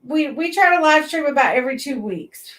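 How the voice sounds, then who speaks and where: A woman's voice: high voice, expressive, fairly quick, a bit bright. A woman co-hosting a casual late-night livestream, chatty and reading viewer comments aloud. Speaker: livestream co-host. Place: metal shop.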